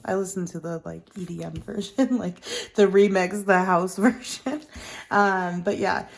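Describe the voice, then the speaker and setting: Woman tarot reader, casual chatty delivery with fry, lots of ums and restarts. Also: on the low side, steady tone, moderate pace, slight background noise. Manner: chatty, meandering, with many ums and self-corrections. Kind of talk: casual pick-a-card tarot reading.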